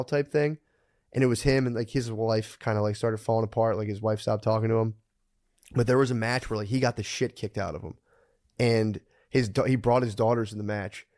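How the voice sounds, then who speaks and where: A man's voice: mid-range voice, darkish tone. A man in his thirties co-hosting a podcast, telling stories casually, swearing freely and laughing often. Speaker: podcast co-host.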